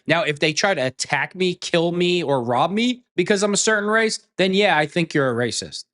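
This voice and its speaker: A man's voice: high-pitched, animated, moderate pace, fairly bright tone. A man giving a heated opinion rant as an online commentator, blunt and profane, repeating phrases for emphasis.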